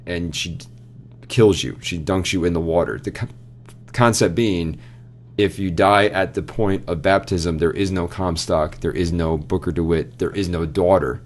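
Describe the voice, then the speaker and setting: A man's voice: sits low, steady tone, normal speed, slight background noise. A young man co-hosting a casual chat show, animatedly retelling a story and quoting characters along the way. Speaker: podcast co-host.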